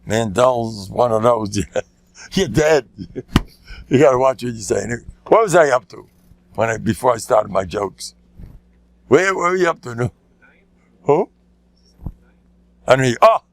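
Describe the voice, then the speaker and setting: A man's voice: unhurried, creaky, pauses often, slight background noise. An older man, a rabbi giving a lecture, telling stories with jokes, often breaking off, repeating words and laughing at his own lines. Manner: animated, jumps into loud high voices for quoted lines. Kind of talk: storytelling talk with jokes.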